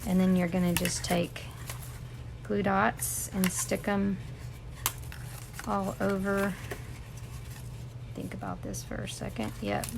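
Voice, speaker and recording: A woman's voice: mid-range voice, expressive, slow, creaky, long pauses, background noise. A woman teaching a casual live crafting tutorial, chatting and rambling with asides to her viewers. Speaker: crafting instructor.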